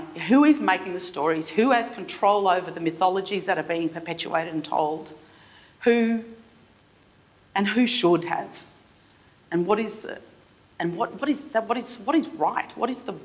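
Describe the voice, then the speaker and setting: A middle-aged woman with an Australian accent giving a conference keynote in an impassioned, halting way, often restarting her sentences. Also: lowish voice. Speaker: keynote speaker. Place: theatre forum stage.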